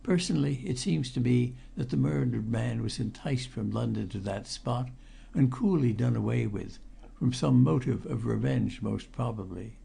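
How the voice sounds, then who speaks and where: A man reading the part of a suspicious, blunt police detective with a Highland accent in an audiobook. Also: normal speed, vocal fry, warm tone, husky, heavily acted. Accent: Scottish Highland. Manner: probing, blunt questioning. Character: big fair-haired Scottish police detective, suspicious.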